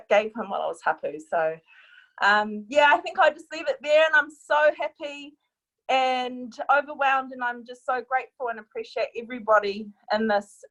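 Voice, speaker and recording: A woman's voice: on the high side, poor audio. Grateful New woman. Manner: grateful, emotional. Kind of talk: thank-you speech on a group video call.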